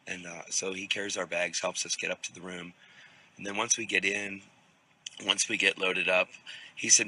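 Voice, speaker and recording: Low raspy man telling a story. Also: steady tone, fairly quick, pushed and bright, poor audio. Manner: rambling, repeats words and restarts. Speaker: preacher. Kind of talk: casual storytelling testimony. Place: outdoors at a crowded event. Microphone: phone video.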